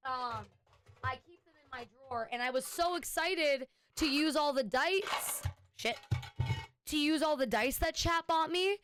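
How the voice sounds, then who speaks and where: A woman's voice: high voice, moderate pace, fairly bright tone, dry recording. A woman streamer chatting casually with her viewers, rambling and swearing now and then. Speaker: Twitch streamer.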